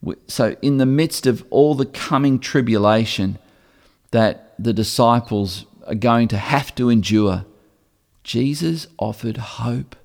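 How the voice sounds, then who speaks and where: A man's voice: mid-range voice, a little slow, gravelly, a little mellow. A man preaching a sermon, earnest and repeating phrases for emphasis, often stammering over a word before going on. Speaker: pastor. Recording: long reverb of a large hall.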